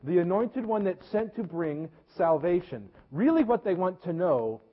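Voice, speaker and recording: Husky-voiced preacher in an echoey hall. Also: male voice, high voice, big pitch swings. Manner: earnest preaching with repeated words and slow emphasis. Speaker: pastor. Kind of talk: sermon. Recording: echoey hall, dull lo-fi sound.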